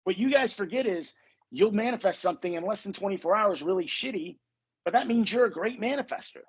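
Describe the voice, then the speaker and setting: A man's voice: high-pitched, lively intonation, brisk, slightly rough, lo-fi sound. A man hosting a podcast as a coach, talking casually in a blunt, emphatic way and swearing freely. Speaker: podcast host and manifestation coach.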